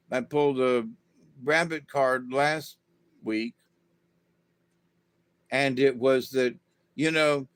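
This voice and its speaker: A man's voice: a little high, dry recording. A man giving a casual, rambling monologue to his viewers in a folksy manner, full of "you know" asides. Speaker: vlogger.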